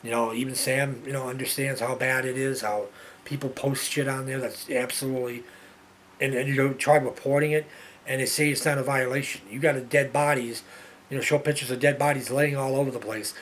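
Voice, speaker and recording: A man's voice: mid-range voice, slight background noise. A man hosting his own show, ranting in an exasperated way, repeating himself and restarting his sentences. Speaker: show host. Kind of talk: ranting monologue.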